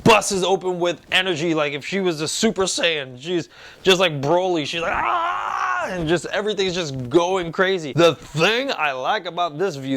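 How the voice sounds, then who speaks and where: A young man hosts a casual review vlog in a voice pitched a little high for a man. He talks in an excitable, animated way and acts out lines as he goes. The tone is loose and chatty. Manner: animated and excitable, acting out quotes. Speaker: host reviewing a TV episode.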